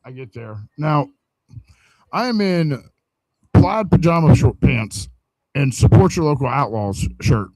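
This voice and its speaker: Pausing often at a measured pace, a man with a slightly high voice shares a crude podcast story, swearing freely and voicing each character's dialogue with animation. The recording is rough but free of echo.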